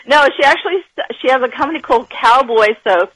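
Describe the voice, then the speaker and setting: A woman guest on a radio show, an enthusiastic and animated storyteller who laughs often. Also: high-pitched, fast, no echo, poor audio. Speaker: guest, business author and professor. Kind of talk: radio interview.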